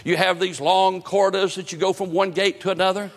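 A man's voice: high-pitched, level tone, brisk, in a large hall. A man preaching a sermon with a fervent, repetitive cadence.

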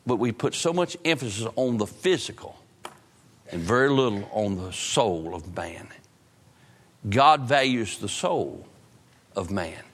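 A man preaching a sermon, swinging from loud outbursts to low, drawn-out phrases. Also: lively intonation. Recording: long hall reverb.

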